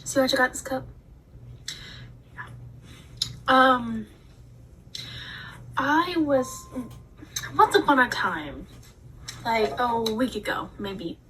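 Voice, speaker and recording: A woman vlogger ranting in a casual, animated way, telling a story with dramatic asides. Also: on the high side, slow pace, long pauses, distant mic, a little hiss or hum, rough recording. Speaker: book reviewer vlogger. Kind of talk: casual rant.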